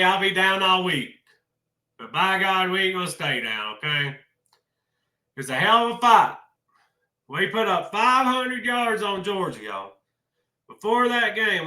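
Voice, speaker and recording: A man with a drawl rants about college football in a folksy, emotional way, calling his viewers "y'all". His voice is fairly high and very bright and sharp. The sound is echoey, like a hard-walled room. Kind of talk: casual sports vlog.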